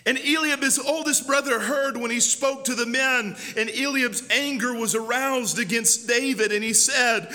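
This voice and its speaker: A young man preaching a fiery, shouting sermon as pastor in a church. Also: extremely high pitch, moderate pace, few pauses. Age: young adult. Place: church sanctuary. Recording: long church hall reverb.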